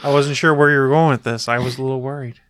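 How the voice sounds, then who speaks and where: A man's voice: mid-range voice, steady tone, quick pace, a crowd in the background. A man hosting a casual podcast, introducing segments and teasing his co-hosts with dry wit. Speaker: podcast host. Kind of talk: casual chat.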